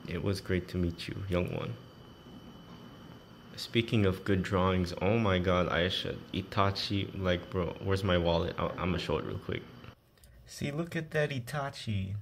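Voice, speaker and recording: A man's voice: sits low, fairly even intonation, moderate pace, a little hiss or hum. A man reading farewell notes aloud, mixing Korean phrases into casual English and laughing often, emotional and teary. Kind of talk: casual chat.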